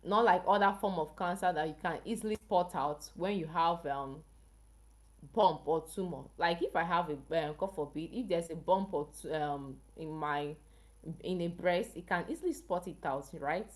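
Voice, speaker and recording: A woman's voice: fairly low pitch, normal speed. Chatty African woman on a livestream. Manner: chatty, keeps asking viewers questions. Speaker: health channel livestream host. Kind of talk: casual livestream chat with viewers.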